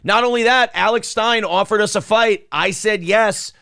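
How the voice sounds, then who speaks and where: A man's voice: high voice, moderate pace, gravelly, sharp tone, smooth, dry recording, studio quality. A man co-hosting a casual morning live stream, reading viewer messages aloud and trash-talking rivals with brash, boastful swagger. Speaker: co-host of a morning show.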